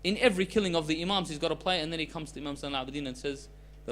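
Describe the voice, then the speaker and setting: A man preaching a sermon as a story, with loudness that swings between emphatic lines and soft, hushed ones. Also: a little high, rapid-fire, a little hiss or hum.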